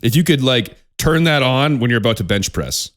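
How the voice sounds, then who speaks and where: A young podcast co-host in loose, profane casual chat. His fairly low voice swings widely up and down, and he laughs often. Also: animated, normal speed, a bit bright.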